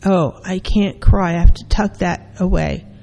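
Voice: mid-range voice, a little slow, vocal fry, long reverb tail, poor audio. A therapist playing a resigned, hurt child. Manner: soft, resigned, self-talk. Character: hurt young child giving in to a parent.

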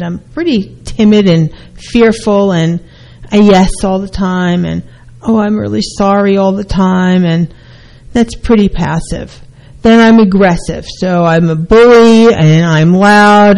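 A woman's voice: mid-range voice, darkish tone, poor audio. A middle-aged woman, a counselor, hosting a talk show and explaining behaviors, now and then acting out short quoted exchanges.

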